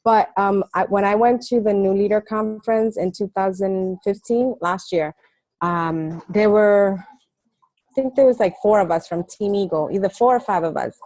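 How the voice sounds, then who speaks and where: A woman's voice: mid-range voice, moderate pace, darkish tone, no room sound. A woman coaching on a team call, telling stories in a chatty way with many fillers. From New York. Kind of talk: casual team call talk.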